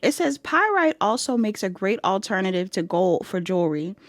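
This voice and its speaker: A woman's voice: medium pitch, very animated, moderate pace, dry recording, studio quality. A woman doing a casual pick-a-card tarot reading to her viewers, chatty and giggly, calling them y'all. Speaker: tarot reader.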